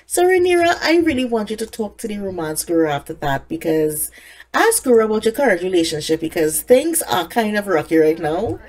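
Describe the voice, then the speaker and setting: A young woman giving casual, excitable let's-play commentary, scolding the characters on screen and often laughing. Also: mid-range voice, a little fast. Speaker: gaming content creator.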